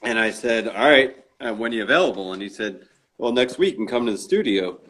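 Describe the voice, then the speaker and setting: Male interview guest, mid pitch, casual storyteller who acts out quotes and uses lots of fillers. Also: lively intonation, a little fast, fairly bright tone. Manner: acts out quoted dialogue in his stories; frequent restarts and fillers.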